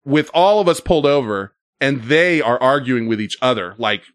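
A man's voice: mid-range voice, expressive, normal speed, fairly bright tone, dry recording, clean studio sound. A man telling a story casually, with lots of fillers and swearing.

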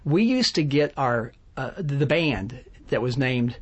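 A man from West Virginia, a songwriter, telling funny anecdotes in conversation with a self-deprecating, animated manner and frequent laughs. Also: mid-range voice, takes it slowly, background noise. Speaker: songwriter guest.

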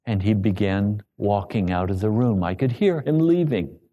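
A man preaching a sermon, telling a personal story with emotion that rises to loud pleading. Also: on the low side, normal speed, lo-fi sound. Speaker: pastor.

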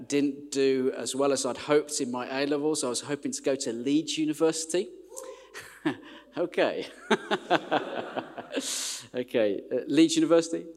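A man in his forties from the West Midlands, a vicar chatting warmly and self-deprecatingly as he opens a sermon. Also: medium pitch. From West Midlands, England. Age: 40s. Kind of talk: sermon introduction. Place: large church hall. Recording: church hall reverb.

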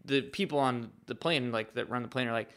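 A man's voice: mid-range voice, brisk. A man, a professional skateboarder and podcast guest, telling a story in a loose, profane way, full of fillers. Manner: profane, filler-heavy, animated retelling. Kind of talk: casual storytelling.

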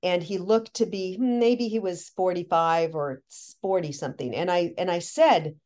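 A woman guest on a podcast, telling a long personal story in animated, excited bursts with many restarts. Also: fairly low pitch, moderate pace, few pauses. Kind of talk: casual storytelling.

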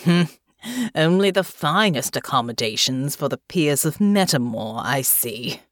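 A woman reading an audiobook, voicing a pompous, scheming male nobleman in a lowered voice. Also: big pitch swings, moderate pace, no echo, studio quality. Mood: haughty. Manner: haughty, sniffing.

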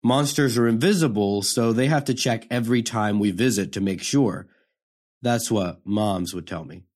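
An actor plays a hardened young male prisoner in a profane, confrontational dramatic monologue, his mood bitter and his manner street talk. His voice sits on the low side, a little mellow and natural, at a moderate pace.

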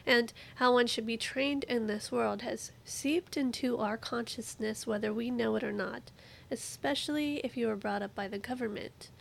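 A woman reads a prepared lecture in a measured, steady way. Her voice sits slightly high and carries a noticeable gravelly fry. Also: poor audio. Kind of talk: scripted narration.

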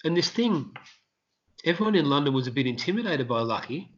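An Australian man, a street performer, telling rambling, animated anecdotes in a casual interview. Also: fairly high pitch, fairly quick, dull audio, slight background noise.

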